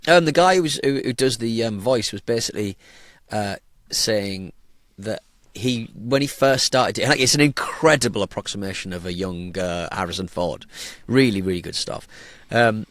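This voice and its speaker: Laughing Hartlepool man, low and dry. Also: normal speed, hardly any pauses, no echo. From Hartlepool, northern England. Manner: chatty and wry, laughs often, trails off with ums. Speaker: podcast co-host. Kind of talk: casual chat.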